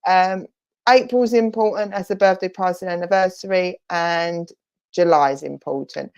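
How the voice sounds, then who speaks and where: A woman's voice: lowish voice, measured pace, clean tone. A woman, a spiritualist medium, giving a chatty, reassuring clairvoyant reading at an online church service, relaying messages and calling the listener "my lovely". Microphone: online church service stream.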